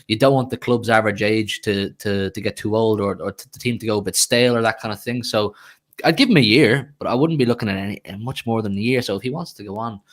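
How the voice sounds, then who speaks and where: A man's voice: on the low side, fast. A young man co-hosting a casual football livestream, opinionated and jokey in banter. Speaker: livestream co-host.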